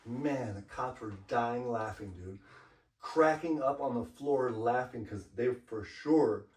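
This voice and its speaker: A man's voice: mid-range voice, slow pace, darkish tone. A man from Los Angeles, a graffiti artist guest, telling stories in a laid-back, profane way full of "you know.". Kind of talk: casual storytelling interview. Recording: roomy, mic far off.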